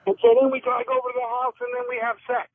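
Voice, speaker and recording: Caller on a tinny phone line. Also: male voice, very high voice, big pitch swings, very fast, gravelly, dry recording. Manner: earnest, rambling. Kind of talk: telling a personal story on the phone.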